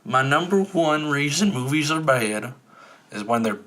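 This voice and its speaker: A man's voice: fairly high pitch, lively intonation, a little slow, sharp tone. A young man co-hosting a casual movie podcast, joking and playful. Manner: joking, playful, mock-emotional. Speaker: podcast co-host. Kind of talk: casual chat. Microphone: USB microphone.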